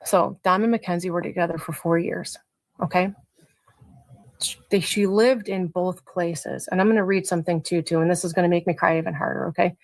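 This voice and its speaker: Woman, gravelly voice, dry close sound, halting speech with many restarts, live-stream interview guest. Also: on the low side, steady tone, dry recording. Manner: halting, frequent restarts and trailing phrases. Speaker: guest, mother in a crash case.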